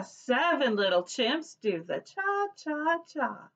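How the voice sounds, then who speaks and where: A woman's voice: a little high, big pitch swings, a little slow, fairly bright tone, highs cut off. Preschool teacher lady reading a picture book to little kids, singsongy, swoops up and down a lot. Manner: cheerful sing-song teacher voice, leads call-and-response chants. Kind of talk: reading a picture book aloud to young children.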